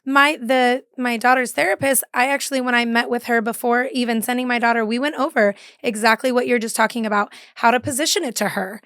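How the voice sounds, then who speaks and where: A woman's voice: fairly high pitch, steady tone, a little fast, few pauses, a bit bright, clear, resonant tone, no echo, clean studio sound. A woman in her thirties, a podcast guest talking earnestly and agreeably about family life. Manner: earnest, agreeable, frequent "yeah". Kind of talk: casual interview chat.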